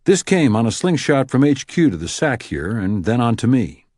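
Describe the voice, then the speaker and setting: A man voicing a gruff, sarcastic FBI supervisor in an audiobook, brisk and clipped. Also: mid-range voice, very animated, a little mellow, dry recording, studio quality, voice pushed up. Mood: sardonic. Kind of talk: audiobook character voice.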